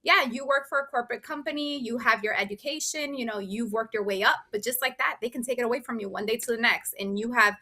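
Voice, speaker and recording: Bright high-voiced woman telling her story. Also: fast talker, few pauses. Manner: animated, emphatic storytelling. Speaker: business owner and guest. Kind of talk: casual interview chat.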